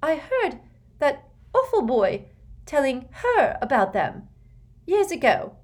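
A woman reading the part of an anxious, fussing middle-aged woman who speaks in a breathy, fretful way. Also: high voice, very animated, slow, darkish tone, voice pushed up, full character voice. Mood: flustered.

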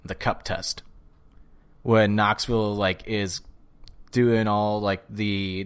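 A man's voice: on the low side, fairly bright tone. A man co-hosting a casual chat, talking in a profane, rambling way and laughing as he retells scenes. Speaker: podcast co-host.

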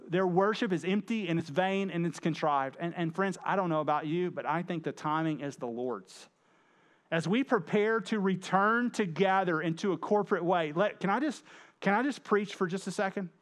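A man's voice: sits high, moderate pace. A man preaching a conversational sermon, often stumbling over and repeating words as he acts out the lines he reads. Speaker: pastor.

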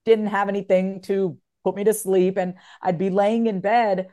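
A woman's voice: medium pitch, little pitch movement, moderate pace, warm tone. A woman talking candidly and emotionally as an author guest in an interview. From United States. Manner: candid and emotional, swings from tearful to laughing.

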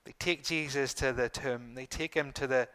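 A middle-aged man preaching a sermon to his congregation, earnest, repeating phrases and pausing for emphasis. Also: medium pitch, steady tone, fairly bright tone, smooth. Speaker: pastor.

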